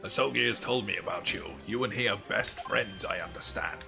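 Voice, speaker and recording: A man voicing a formal older male professor of forensic medicine, speaking in a measured way over game music. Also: lowish voice, vocal fry. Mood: grave. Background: video game music.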